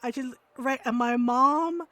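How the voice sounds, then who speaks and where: A woman streams a game from her home setup and chats casually with her viewers. Her voice sits somewhat high, and she tells stories with animated energy. She laughs often and acts out the people she quotes. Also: unhurried, dry recording. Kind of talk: casual storytelling chat while gaming.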